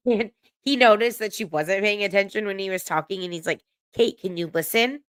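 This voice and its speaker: A chatty woman hosting a reality TV recap, trading gossip with plenty of swearing and laughter. Her voice sits at an ordinary middle pitch and sounds close and dry, with no room echo. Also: normal speed. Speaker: reality show recap host. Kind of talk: casual recap commentary.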